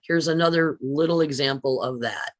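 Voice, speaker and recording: A woman teaching public speaking in a recorded lecture, stressing words deliberately and often asking her listeners questions. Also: deep voice, dry recording. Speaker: speech teacher.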